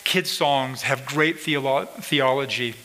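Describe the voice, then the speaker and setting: At a slow pace, a medium-pitched pastor preaches with a pushed, bright delivery, hammering phrases through repetition and addressing his congregation directly while pointing out people. The church sanctuary sounds big, and the poor recording has slight hiss or hum.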